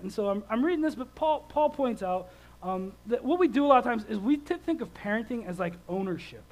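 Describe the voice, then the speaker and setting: This thirty-something male preacher delivers his sermon like a conversation, animated and full of stories, his loudness rising and falling vividly. His pitch is extremely high, his pace moderate, and the recording rough.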